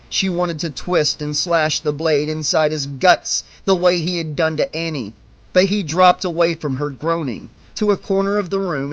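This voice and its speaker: A man narrating a horror audiobook in a measured, suspenseful way, slowing down for the tense moments. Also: fairly high pitch, a bit bright, low-quality recording.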